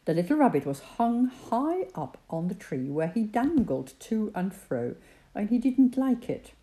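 A woman reading a children's storybook aloud, slow and gentle. Her pitch swings widely and expressively, while her tone stays dark and mellow. She is warm-paced and unhurried. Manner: gentle, expressive voicing of characters.

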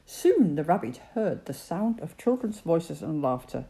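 A woman reading a children's story aloud, gentle and expressive. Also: low voice, unhurried, creaky, few pauses. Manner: gentle, expressive voicing of characters.

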